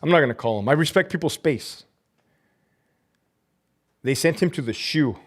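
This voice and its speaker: A man ranting on his live stream, cursing hard and swinging between loud outbursts and low muttering. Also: lively intonation, normal speed. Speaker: livestreamer and prison officer. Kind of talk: profane live-stream rant.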